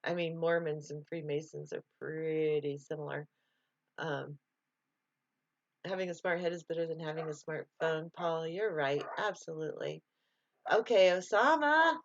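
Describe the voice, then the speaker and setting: A woman hosts a casual live stream, chatting freely, laughing easily and reading out viewer comments. Her voice sits on the low side. The sound is dry and a little dull, with no room echo. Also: flat delivery, normal speed.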